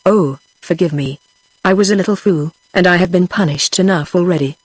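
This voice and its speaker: A text-to-speech woman's voice with a British English accent reading the lines of a tearful young noblewoman flatly. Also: on the low side, fairly quick, breathy edge, no echo. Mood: pleading.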